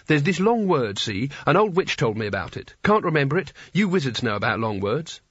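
A fierce young woman thief, blunt and brusque, as a male narrator puts her on, her lines lifted higher than his own voice. The tone is husky, and the recording sounds dry and slightly dull. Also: very animated, a little fast, fairly bright tone, dry recording, heavily acted. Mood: confiding. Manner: brusque, curt.

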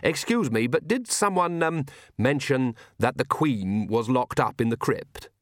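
A man's voice: medium pitch, lively intonation, a little slow, dry recording, close to an everyday voice. A timid young man who stammers and hesitates over his words, voiced by a male reader. The sound is close and dry. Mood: nervous.

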